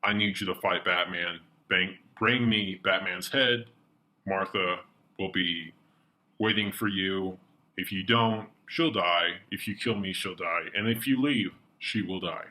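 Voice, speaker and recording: A man's voice: low voice, measured pace, bright, forceful tone, pitched below the performer's own voice. A man voicing a scheming male villain who issues clipped threats. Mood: menacing.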